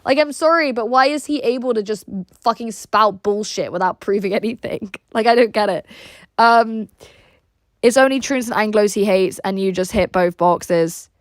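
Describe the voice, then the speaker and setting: A woman's voice: medium pitch, normal speed, no echo, clean studio sound. A woman from Russia with an English accent, chatting casually on a livestream and reacting to viewer messages in a blunt, crude, rambling way full of "like".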